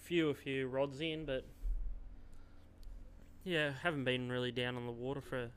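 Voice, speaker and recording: Smooth-voiced easygoing Australian man. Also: mid-range voice, flat delivery, unhurried, a bit bright. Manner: easygoing, short replies. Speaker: podcast guest. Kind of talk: casual chat.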